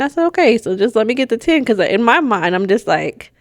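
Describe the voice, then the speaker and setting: Woman, podcast co-host, animated storyteller, laughs a lot, dry close sound. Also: medium pitch, quick pace, no room sound. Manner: animated, laughs often, acts out both sides of exchanges. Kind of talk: casual chat and storytelling.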